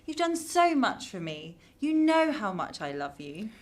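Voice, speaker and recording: A woman's voice: mid-range voice, big pitch swings, unhurried. A woman playing a young woman under AI control. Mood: cheerful. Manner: meek with the AI, bubbly with her mum. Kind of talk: radio drama acting.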